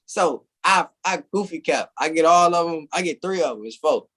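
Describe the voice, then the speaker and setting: Animated slangy man telling stories. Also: a little high, normal speed. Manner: animated, slangy, says "bro" often. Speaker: interview guest. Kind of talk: casual storytelling.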